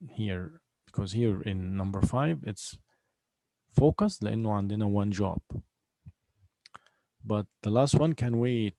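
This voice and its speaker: Gravelly teacher explaining patiently. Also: male voice, lowish voice, warm tone, no room sound, low-quality recording. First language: Arabic. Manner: patient, explains slowly, repeats words. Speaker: English teacher. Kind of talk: bilingual classroom lesson.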